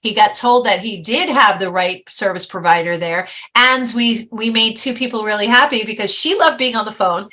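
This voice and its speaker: A woman talk-show host and success coach, chatty and animated, acting out quotes as she tells a story. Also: mid-range voice, normal speed, few pauses.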